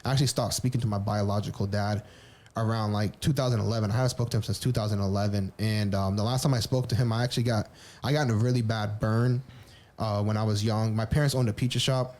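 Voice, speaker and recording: A podcast co-host candidly tells his personal story, rambling, restarting often, and swearing casually. He talks fast in a fairly low, steady voice with a darkish tone.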